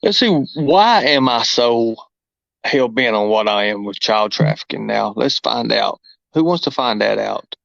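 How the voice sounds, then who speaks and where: A man's voice: mid-range voice, lively intonation, a little slow, gravelly, fairly bright tone, no echo. A middle-aged man, hosting a livestream in a rambling, folksy, exclaiming way. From Kentucky. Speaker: livestream host. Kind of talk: casual livestream talk. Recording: muffled dull audio.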